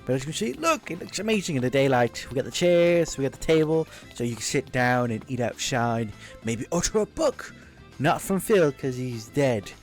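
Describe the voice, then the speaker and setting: A man's voice: mid-range voice, lively intonation, normal speed. A man giving casual, rambling commentary over his own gameplay video, joking and correcting himself as he goes. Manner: rambling, self-correcting, jokey. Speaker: gaming YouTuber. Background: faint background music.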